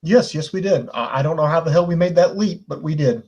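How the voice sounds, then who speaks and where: Quick husky-voiced co-host man. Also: a little high, a little mellow, muffled recording. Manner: brief agreeing replies. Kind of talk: casual wrestling talk.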